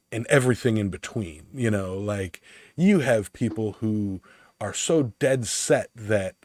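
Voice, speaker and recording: Casual co-host, man, lowish voice, dry close sound, hesitant delivery. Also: darkish tone, no echo. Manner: halting, many fillers and restarts. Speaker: podcast co-host. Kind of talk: casual livestream chat.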